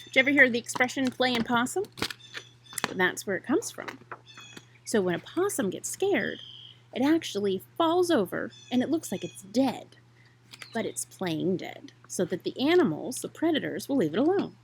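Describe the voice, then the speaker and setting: A woman reading a children's picture book aloud, expressive and talking to young listeners in asides. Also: a little high, normal speed, slight background noise. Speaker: storyteller.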